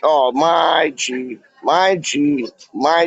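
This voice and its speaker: This fan vlogger rambles as he reads live chat on a casual livestream, drawling slowly with plenty of slang and "like." His voice is slightly high, gravelly, and full of fry. The audio is dull and lo-fi but has no echo.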